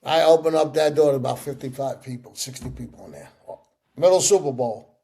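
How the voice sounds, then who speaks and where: A middle-aged man in a sit-down interview, telling stories with lively acted-out voices. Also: medium pitch, brisk. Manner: animated storyteller acting out quoted voices. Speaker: interview guest.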